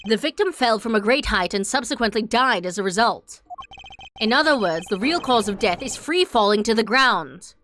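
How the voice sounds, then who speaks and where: A woman voicing a calm, pompous male prosecutor who lays out deductions in a measured, deliberate way. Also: a little high, slight background noise.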